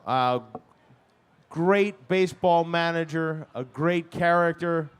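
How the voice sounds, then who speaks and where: Guy hosting an awards thing, smooth clear voice, kinda playful and teasing. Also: on the high side, takes it slowly. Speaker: event host. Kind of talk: award presentation.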